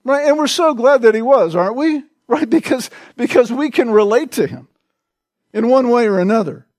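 A male pastor preaching a sermon in a slow, deliberate way, repeating short phrases for emphasis. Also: very high voice, expressive, a little mellow, no echo.

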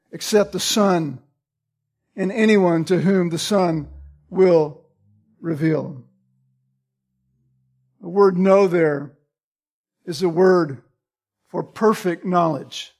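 A man's voice: high voice, darkish tone. A man preaching a sermon. He quotes scripture by chapter and verse and stresses key phrases by repeating them.

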